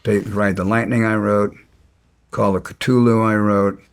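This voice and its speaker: A man's voice: on the low side, flat delivery, unhurried, smooth. A man as an interview guest, telling stories bluntly and with some resentment, stumbling and restarting his sentences. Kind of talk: casual storytelling.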